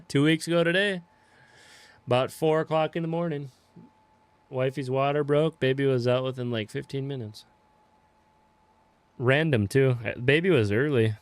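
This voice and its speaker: Young male streamer, easygoing and talkative, average pitch, dry room. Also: normal speed, long pauses, no echo. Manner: laid-back, swears casually, greets viewers by name. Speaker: game streamer. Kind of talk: casual live-stream chat while playing.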